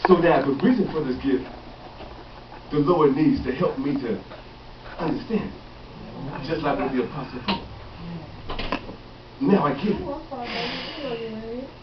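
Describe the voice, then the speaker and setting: A man's voice: medium pitch, normal speed, long pauses, noisy background. A man preaching a folksy call-and-response sermon, repeating phrases and acting out quotes. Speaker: pastor. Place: church sanctuary. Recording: echoey distant lo-fi church recording.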